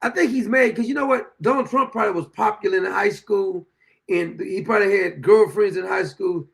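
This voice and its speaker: A man's voice: high voice, vocal fry. A man in his sixties hosting a political commentary show, ranting and mocking his targets with frequent laughter. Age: 60s.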